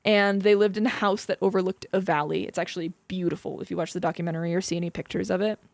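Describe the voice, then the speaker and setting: A woman's voice: lowish voice, steady tone, fast, gravelly, no echo. A young woman co-hosting a podcast in a casual, chatty way, using lots of fillers. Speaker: podcast co-host. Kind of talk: casual chat.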